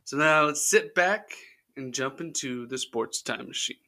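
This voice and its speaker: A man's voice: medium pitch, unhurried. A man hosting a casual sports history podcast, telling stories in a jokey, goofy, chatty way. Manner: jokey and goofy, with playful tall tales; loose and chatty, with frequent fillers. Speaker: podcast host.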